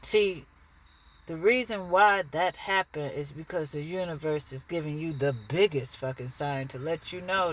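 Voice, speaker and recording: A woman's voice: low-pitched, moderate pace. A woman giving a blunt, profane, preachy monologue straight to the camera in her own vlog. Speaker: dancer and vlogger.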